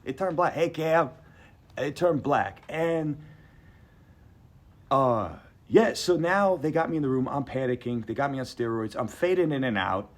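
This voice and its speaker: A man's voice: medium pitch, measured pace. A man telling a personal story to a live audience, rambling and conversational, emphatic as he acts out what others said. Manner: animated, emphatic, acts out quotes.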